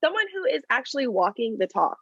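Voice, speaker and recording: A woman's voice: on the high side, very animated, fast talker, creaky, a bit bright, husky, no room sound. Earnest woman coach, muffled dry audio. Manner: earnest, coaching tone with frequent "right?" and "you know". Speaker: podcast guest, brand photographer and coach. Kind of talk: conversational interview answers.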